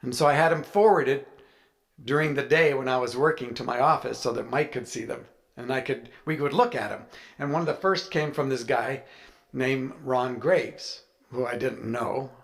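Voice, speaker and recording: A man's voice: mid-range voice, moderate pace, creaky. A man, an author, telling a chatty, anecdotal story with playful humor to a live audience. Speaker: author speaking at a writers' event.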